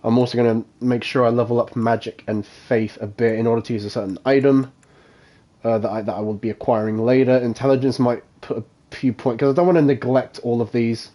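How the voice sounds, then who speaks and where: A man's voice: medium pitch, steady tone, brisk, warm tone. A man chatting casually while live-streaming a game, laughing often and swearing offhandedly. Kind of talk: casual live gameplay commentary.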